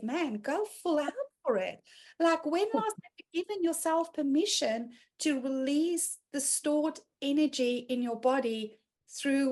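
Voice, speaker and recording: A woman's voice: sits high, a little mellow. A woman hosting an online group session over a video call, talking casually and openly, laughing often and acting out quoted voices.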